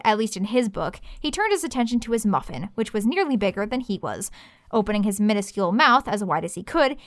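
A woman narrating a fantasy story in a lively, expressive reading. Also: mid-range voice, dry recording, studio quality.

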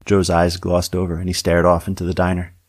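A man narrating a scripted story with dry, wry humor. His voice sits very low, and the recording is close and dry with no room sound. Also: monotone, fairly quick, no echo.

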